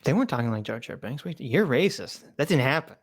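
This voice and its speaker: A man's voice: medium pitch, very animated, fast talker. Joking man reading out donations. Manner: joking, laughs often, reads viewer messages aloud. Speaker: livestream co-host reading donations. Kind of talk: casual chat.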